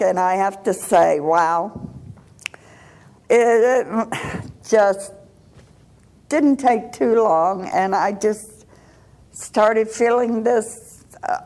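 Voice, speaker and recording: Slow, gravelly older woman telling her story. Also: mid-range voice. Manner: halting, unhurried storytelling with restarts and soft laughs. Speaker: church member giving testimony. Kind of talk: personal testimony.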